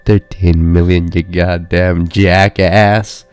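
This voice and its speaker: A man doing a shouting, insulting tour guide. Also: low voice, fairly even intonation, soft background music. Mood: angry yelling. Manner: yelling insults, slow and loud. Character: abusive shouting male brewery tour guide.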